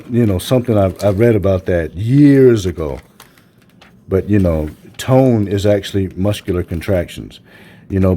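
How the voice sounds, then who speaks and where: Brief: middle-aged male trainer, angry profane rant, low mellow voice. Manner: heated, profane, repetitive, emphatic. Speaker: personal trainer. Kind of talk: profane ranting monologue.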